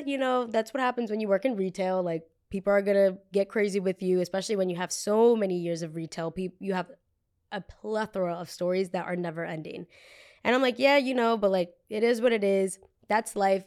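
A woman in her twenties hosting a podcast, telling a story casually and acting out what others said in raised voices. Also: mid-range voice. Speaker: podcast host.

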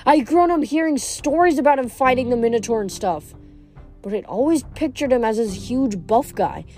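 A woman's voice: fairly high pitch, darkish tone. A woman reading a novel aloud in first person, now and then stumbling and restarting a word. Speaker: reader.

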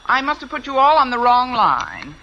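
A woman's voice: sits high, very animated, moderate pace. A woman schoolteacher with dry wisecracks, minding a switchboard in 1950s radio comedy acting. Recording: dull hissy old radio recording.

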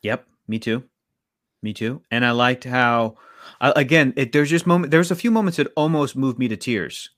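A man co-hosting a podcast, reviewing a film in casual chat and acting out scenes in quick quoted voices. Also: medium pitch, fairly bright tone, no echo, clean studio sound. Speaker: podcast co-host.

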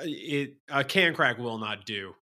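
A man's voice: medium pitch, expressive, a little slow, sharp tone. A young man co-hosting a sports podcast, joking and rambling through his banter. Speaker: podcast co-host. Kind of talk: casual sports podcast chat.

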